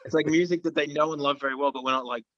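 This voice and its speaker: Australian male musician guest, casual, bright tone, dull dry call audio. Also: a little high, fairly even intonation, racing, no echo. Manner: laid-back, swears casually, rambling with ums. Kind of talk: casual interview chat. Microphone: video call.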